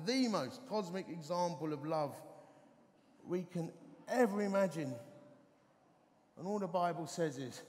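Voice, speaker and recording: Animated preacher, high voice. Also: male voice, big-room sound. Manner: animated, self-deprecating, humorous storyteller. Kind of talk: sermon with personal storytelling. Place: festival stage in a large hall.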